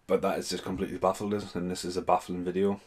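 A man's voice: low-pitched, level tone, racing. A young man rambling and swearing as he reacts to voice messages. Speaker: vlogger. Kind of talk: casual reaction commentary.

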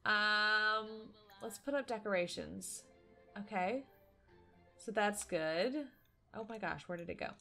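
A woman commentating a life-simulation game, chatty and excitable, talking to her viewers and to the characters on screen. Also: mid-range voice, takes it slowly, faint music behind. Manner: excitable, squeals and laughs at surprises. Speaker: gaming YouTuber. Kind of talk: let's play commentary.

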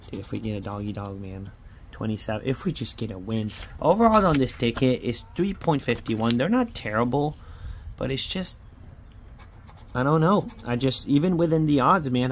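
Male vlog host, middle-pitched, frustrated casual chatter with light background noise. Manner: frustrated, grumbling, repeats "man". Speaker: lottery scratch-off channel host. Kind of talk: casual narrated scratching vlog.

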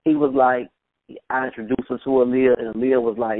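Heard over a tinny, dry phone line, a medium-pitched man tells easygoing stories as an interview guest. He chuckles quickly now and then and acts out other people's voices while reminiscing.

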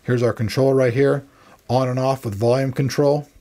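A man's voice: mid-range voice, fairly even intonation, normal speed, warm tone. A man giving casual, rambling commentary as he unboxes and reviews a gaming headset, joking at his own expense. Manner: chatty, rambling, self-deprecating. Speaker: tech reviewer.

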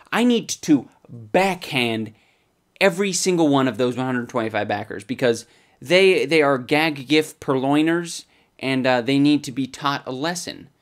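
Sarcastic young man mocking a product. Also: on the high side. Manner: crude, mocking, swears often; swings between loud outbursts and muttered asides. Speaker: comedy vlog host. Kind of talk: sarcastic comedic product review.

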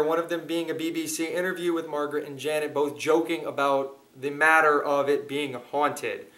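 A man's voice: fairly high pitch, sharp tone. A man hosting, telling a story to his viewers in an earnest, casual way. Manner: earnest, speaks straight to viewers. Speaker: host.

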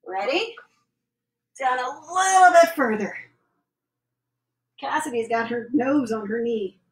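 A woman's voice: a little high, animated, takes it slowly. A woman, a mother, cheerfully leading a family home workout, counting reps and giving encouraging instructions. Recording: echoey room, voice from far off the mic.

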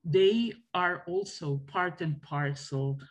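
A woman from Southeast Asia speaking earnestly as a panel speaker, pausing often with fillers. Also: on the low side. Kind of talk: panel discussion remarks.

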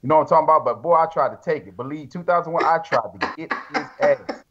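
A man in his forties talking in casual chat, reflective and relaxed, with slang and asides like "you know what I mean". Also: a little high, fast talker, highs cut off, background noise. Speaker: guest.

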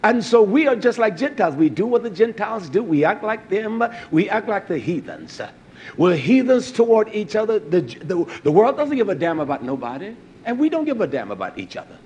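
High-voiced preaching man, loud then hushed. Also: sing-song, brisk, slight background noise. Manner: swings from loud rising preaching to low quiet storytelling. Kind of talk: sermon.

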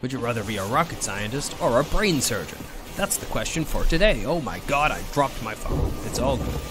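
A man's voice: mid-range voice, lively intonation, a little fast, music in the background. A man streaming a game alone, chatting casually, joking around and swearing freely. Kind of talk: casual solo gameplay chat.

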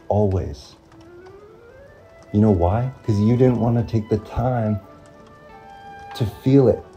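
Motivational vlogger, male, very low and dark voice, faint music underneath. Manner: earnest, repetitive, pausing often, drawn-out phrasing. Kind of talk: reflective motivational monologue.

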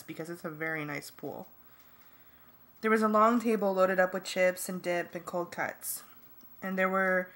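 A woman reading a first-person novel aloud as an amateur audiobook, in a plain, steady manner. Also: fairly low pitch. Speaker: audiobook reader.

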